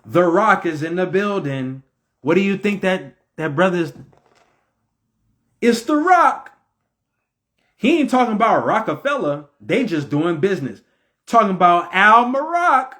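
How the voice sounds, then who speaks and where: A man's voice: high-pitched, very animated, measured pace, pauses often, sharp tone. A man hosting his own video, giving a casual spiritual talk full of rhetorical questions in a preachy manner. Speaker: video host.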